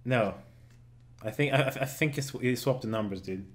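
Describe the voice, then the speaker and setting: A man's voice: medium pitch, normal speed. A man, hosting a casual gaming podcast, joking, laughing often and swearing casually. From Germany. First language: German. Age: 20s. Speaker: podcast host and game streamer.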